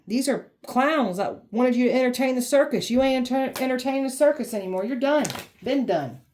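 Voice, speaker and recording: A woman whose mellow voice sits high gives a blunt, sassy tarot reading. She gets heated, swears freely, and mocks the people she describes.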